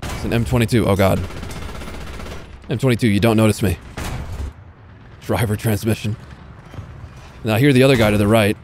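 A man's voice: on the low side, steady tone, moderate pace, long pauses, darkish tone. A young man giving casual, self-mocking live commentary while playing a tank game, swearing and talking to himself. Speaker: gaming YouTuber. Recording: faint game noise behind. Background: game gunfire and vehicle sounds.

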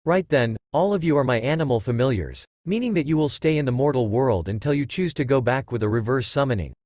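A proud, insistent boy ninja , as a man reading the story puts him on. His voice rises and falls in a lively way. The sound is dry and close. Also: medium pitch, fast, dry recording, highs cut off, lightly acted.

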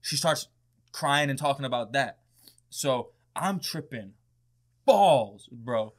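A man's voice: mid-range voice, expressive, slow. A young man, a podcast guest, telling a wild story in casual, profane chat and often laughing.

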